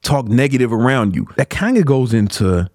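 A man's voice: mid-range voice, big pitch swings, moderate pace, darkish tone, no echo, studio quality. Blunt, profane man giving tough-love pep talk. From Chicago, USA. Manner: blunt, profane, slangy, swaggering. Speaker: podcast host. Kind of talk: motivational podcast talk.

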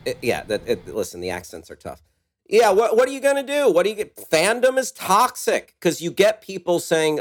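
A man's voice: a little high, big pitch swings, moderate pace. A man co-hosting a podcast in casual chat, blunt and swearing, often stumbling over words. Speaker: podcast co-host.

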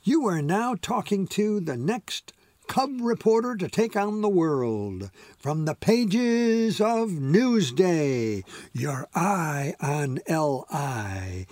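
A man reading an audiobook, voicing an excited young woman reporter in her late twenties who talks with a giggle. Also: on the high side, takes it slowly, no room sound.

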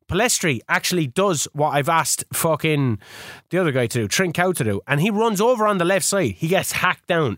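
A man hosting a casual gaming podcast, telling it in a rambling, sweary, excitable way. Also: fairly high pitch, no room sound, clean studio sound. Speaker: podcast host.

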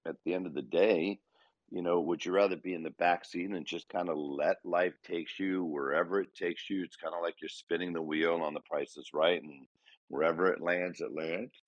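A man with a very low voice co-hosts a casual podcast chat, thinking out loud in an earnest, reflective way. He keeps turning points into rhetorical questions for the listener. The sound is dry and a little dull, lo-fi. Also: dry recording. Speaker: podcast co-host. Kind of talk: casual conversation.

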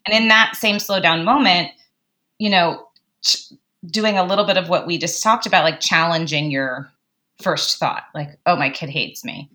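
Woman psych guest on a podcast, low but bright voice, acts out what parents think. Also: normal speed. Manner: animated, acts out inner dialogue, laughs often. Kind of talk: casual podcast conversation.

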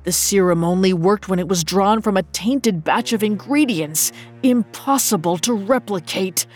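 A woman voicing a gentle, tormented doctor who speaks in a pleading, desperate way. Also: mid-range voice, measured pace, soft background music, natural voice. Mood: anguished.

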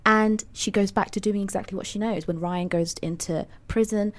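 A woman's voice: mid-range voice, fairly even intonation, moderate pace. A woman on a podcast panel, thoughtfully picking apart a novel's themes. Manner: thoughtful, analytical. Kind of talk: casual book club discussion.

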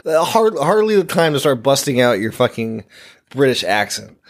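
A man's voice: mid-range voice, very animated, normal speed. A man co-hosting a casual horror movie podcast, making sardonic, emphatic points and swearing freely. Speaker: podcast co-host.

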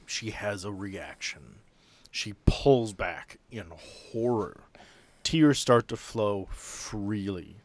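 Low-voiced game master narrating. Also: male voice, lively intonation, slow, a little mellow, dry recording.

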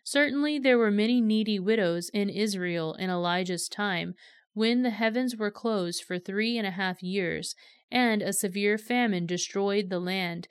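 A woman reading scripture aloud in a steady, measured storytelling manner. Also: mid-range voice, smooth, no echo, clean studio sound. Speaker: scripture reader.

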